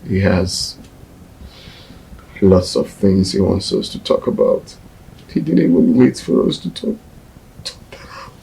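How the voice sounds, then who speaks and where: A grief-stricken young man speaks slowly in a low, gravelly voice. There is a faint room hum behind him in this film drama. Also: very animated, dark tone, exaggerated voice, rough recording. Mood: grieving.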